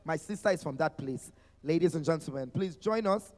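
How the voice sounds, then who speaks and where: Hosting a lively expo panel, this Nigerian-accented man teases and hypes his guests in a playful, sing-song manner. His voice is slightly high, expressive, fairly quick, and a little mellow, echoing in a large hall with music in the background.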